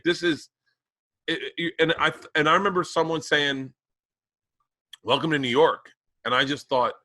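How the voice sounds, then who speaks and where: A man's voice: mid-range voice, bright, forceful tone, dry recording. A man who grew up in the American South, rambling through profane stories in a casual podcast chat. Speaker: podcast co-host.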